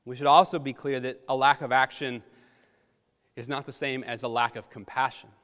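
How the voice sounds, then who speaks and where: Pastor preaching in a reverberant hall. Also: male voice, mid-range voice, flat delivery, normal speed, fairly bright tone. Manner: storytelling, conversational with rising emphatic peaks. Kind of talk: sermon. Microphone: handheld or headset microphone.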